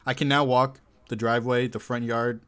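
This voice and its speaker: Man, mid-pitched voice, casual anecdote, relaxed delivery. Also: moderate pace, clean tone. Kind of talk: casual chat.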